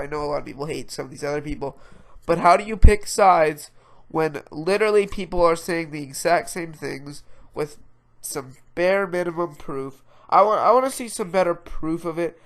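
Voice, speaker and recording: Stuffed-up man ranting, bright voice. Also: on the high side. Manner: exasperated, rambling rant. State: stuffed-up nose. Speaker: podcast host. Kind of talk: casual ranting commentary.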